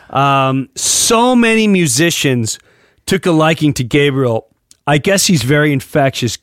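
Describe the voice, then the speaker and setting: A man's voice: fairly high pitch, lively intonation, measured pace, fairly bright tone. A man hosting a podcast in casual, joking chat, laughing often and reading a letter aloud. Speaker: podcast host.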